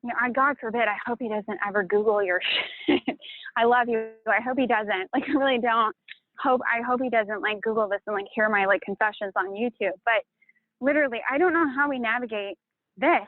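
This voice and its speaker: A woman with a fairly high voice pours out her feelings, swearing often and circling back on her words. The sound is thin and phone-like, with no room around it. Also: fairly quick, no room sound. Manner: emotional, profane, rambling. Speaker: channel host. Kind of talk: emotional confessional chat. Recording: tinny phone-like line, dry.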